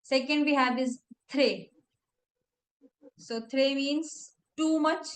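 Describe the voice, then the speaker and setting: A woman's voice: high-pitched, fairly even intonation, slow, roomy sound. A woman teaching French one-on-one, explaining patiently step by step with examples. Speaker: French tutor. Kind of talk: one-on-one language lesson. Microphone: online class.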